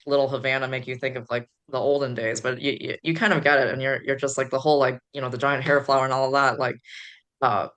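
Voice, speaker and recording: A woman's voice: very deep voice, little pitch movement, fast, a bit bright. A woman from the Chicago area, a podcast guest, rambling through stories with many fillers. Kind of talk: casual podcast chat.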